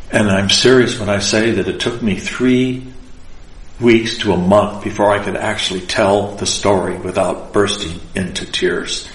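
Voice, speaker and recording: A lower-voiced man tells a personal spiritual story with slow, deliberate care, his words earnest and full of feeling. He is an Orthodox priest, and his voice carries a roomy echo around it.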